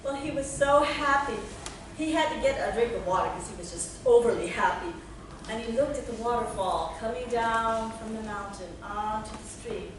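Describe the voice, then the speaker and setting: A woman telling a folk tale aloud as a storyteller, animated and acting out sounds. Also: a little high, normal speed. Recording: echoey room, distant mic, noisy.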